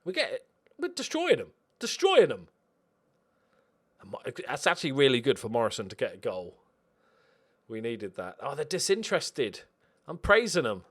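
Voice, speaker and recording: A man hosting a football management game playthrough, commentating in an excitable, sarcastic, self-mocking way. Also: mid-range voice, normal speed, pauses often, husky. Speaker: let's play host. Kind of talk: gaming commentary.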